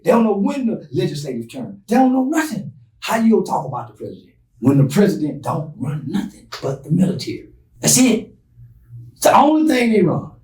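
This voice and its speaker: A man's voice: on the high side, mellow, far from the mic. A man giving blunt, lecturing opinions as a guest in an interview clip. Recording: roomy clip from off-mic.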